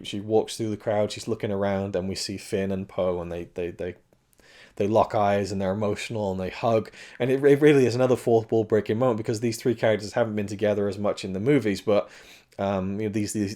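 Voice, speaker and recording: A man's voice: fairly low pitch, warm tone. A man reviewing a film in casual talk. His voice is strained and cracking, and he rambles with frequent restarts and self-corrections.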